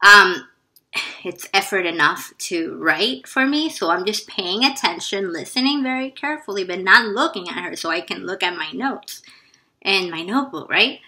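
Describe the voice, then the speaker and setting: A woman vlogger earnestly retelling her first day of high school, with some hushed asides. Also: lively intonation, normal speed. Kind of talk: personal storytelling.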